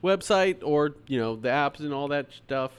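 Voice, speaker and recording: A man's voice: on the high side, expressive, moderate pace, clear, resonant tone. A man hosting a podcast, chatting casually and laughing often. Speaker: podcast host. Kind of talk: casual chat.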